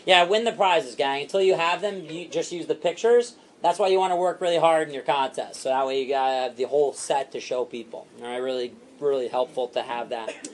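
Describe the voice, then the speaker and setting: A man training a sales team, animated and repetitive, acting out what to say to customers. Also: on the high side. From Italian heritage. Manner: animated, fast and repetitive, acts out customer lines.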